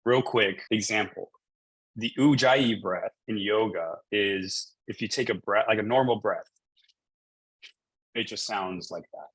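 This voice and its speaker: A man in his thirties talks through a personal story as a coach, looping back with fillers and restarts. His voice sits on the low side with a husky, slightly breathy edge. The sound is dry and close, with little room around it. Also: fairly bright tone, dry recording, rough recording. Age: 30s. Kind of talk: casual coaching conversation.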